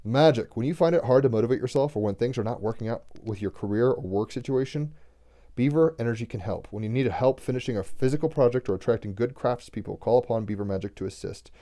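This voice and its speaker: This oracle card reader, a man with a mid-range, warm voice, talks fast. He gives a casual daily card reading, reading aloud from a text and breaking in with chatty astrology asides.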